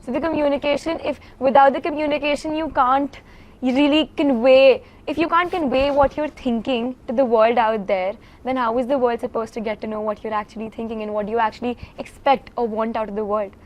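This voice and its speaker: A woman's voice: fairly high pitch, fairly even intonation, fairly quick, darkish tone. A teenage girl student answering interview questions eagerly and earnestly. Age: teens.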